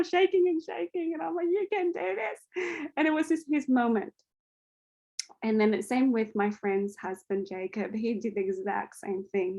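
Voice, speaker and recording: A woman hosting a video call panel, chatty and effusive, telling stories with lots of fillers. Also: mid-range voice. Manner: gushing, animated storytelling with many fillers. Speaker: panel host. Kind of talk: casual video call chat.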